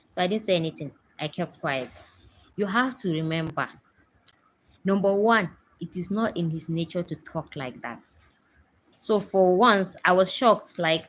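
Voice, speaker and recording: A woman's voice: fairly low pitch, unhurried, pauses often, slight background noise, low-quality recording. A woman in her thirties with a Nigerian English accent, hosting a casual chat from home and telling stories with emphatic asides to her viewers. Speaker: host. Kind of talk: casual chat to a live audience.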